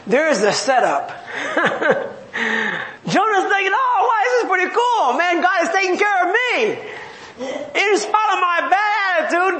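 A man's voice: very high-pitched, fairly bright tone, echoey room, slight background noise. A man preaching a sermon, reading scripture and then retelling it with humor and acted-out voices. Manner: reads scripture then paraphrases in everyday talk.

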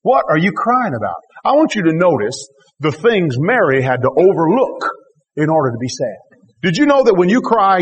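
A man with a high-pitched voice, trailed by a long reverb tail, preaches a sermon. He reads scripture aloud, then exhorts animatedly with emphatic rhetorical questions, building to emphatic exclamations.

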